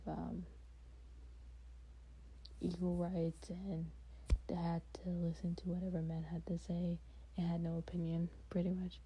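A woman giving heated, half-whispered commentary late at night in her bedroom, keeping quiet so she won't wake her sleeping dogs. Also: on the low side, slight background noise, rough recording. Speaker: vlogger reacting to a reality show.

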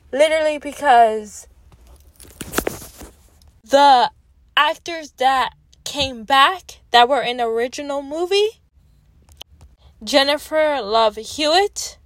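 A young woman with a Canadian accent giving a chatty, emphatic movie review from her parked car. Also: sits high. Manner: chatty and emphatic, self-deprecating. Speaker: vlogger. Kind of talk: casual movie review vlog.

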